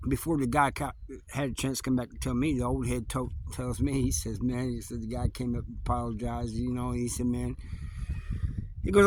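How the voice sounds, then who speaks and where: A man with a slightly high voice tells a story in a loose, rambling way. He keeps circling back with "he goes" and "man" as he replays conversations. Clear background noise sits behind his voice. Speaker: storyteller recounting prison life. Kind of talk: casual spoken storytelling.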